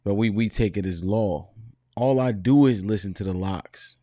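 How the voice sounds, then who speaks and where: A man's voice: fairly low pitch, normal speed, warm tone, no echo, clean studio sound. A man on a casual panel telling a story, loose and slangy, often cutting himself off. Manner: loose, rambling, slangy, self-interrupting.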